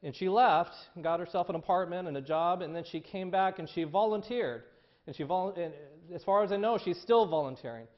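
A man's voice: high-pitched, a little fast, highs cut off. A male pastor preaching a sermon in a conversational storytelling way, often repeating words as he goes.

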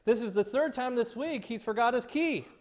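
A man's voice: very high-pitched, normal speed, lo-fi sound, pitched above the performer's own voice. A man voicing an exasperated male dog owner at the punchline of a sermon joke.

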